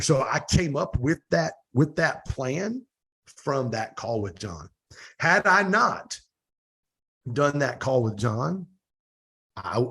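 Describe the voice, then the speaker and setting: Middle-aged guy, raspy gravelly voice, animated storyteller doing bits of dialogue. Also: mid-range voice. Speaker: podcast guest. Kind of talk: casual storytelling interview.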